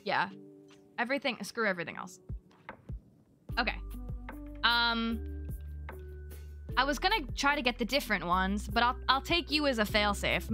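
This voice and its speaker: Bright, high-voiced bubbly woman streamer. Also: lively intonation, normal speed, long pauses, faint music behind. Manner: bubbly, chatty, thanking chat and giggling. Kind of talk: casual live-stream chat while gaming.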